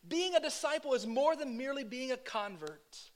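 A man preaching a sermon, swinging from hushed lows to loud exhortation and putting rhetorical questions to the congregation. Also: big pitch swings, normal speed. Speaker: pastor.

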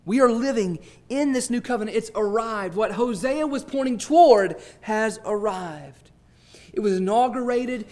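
A man preaching a sermon, swelling to emphatic peaks and dropping to hushed, drawn-out phrases. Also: very high voice, lively intonation. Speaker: pastor.

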